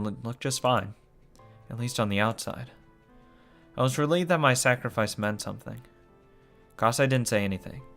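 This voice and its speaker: A man's voice: medium pitch, fairly bright tone. A man reading a visual novel aloud as a let's play, swearing and commenting as he goes. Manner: swears and comments between lines.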